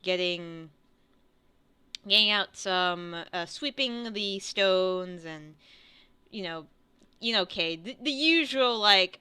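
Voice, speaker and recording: Slow, bright-voiced woman game master. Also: medium pitch, smooth. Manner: hesitant, many fillers and restarts. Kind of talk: narrating a tabletop game.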